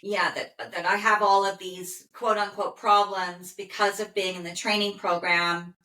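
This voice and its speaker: A woman working as an animal communicator, calmly relaying a dog's messages in first person and pausing often with "okay". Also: medium pitch. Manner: calm, soothing, with frequent "okay" pauses. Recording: roomy echo.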